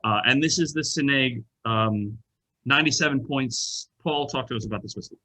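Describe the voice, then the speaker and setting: A man co-hosting a whiskey tasting over a video call, chatting in an animated way with frequent restarts. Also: medium pitch, moderate pace, rough recording. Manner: animated, self-interrupting, lots of restarts. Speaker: wine shop co-host.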